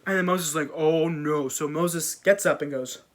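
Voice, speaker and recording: A man's voice: on the high side, normal speed, fairly bright tone. A man casually retelling an old story in a jokey, slang-filled way with offhand asides.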